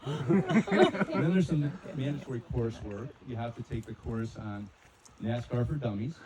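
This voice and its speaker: Lively dry-witted stand-up dad. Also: male voice, medium pitch, background noise. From North Carolina. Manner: dry self-deprecating punchlines. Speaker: amateur stand-up comic, a physician. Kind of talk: stand-up comedy routine. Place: wedding party venue. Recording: crowd laughter and applause.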